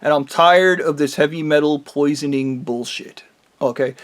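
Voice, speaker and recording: Casting note: a man ranting alone to camera, angry and swearing, slightly higher pitch. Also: moderate pace. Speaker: vlogger.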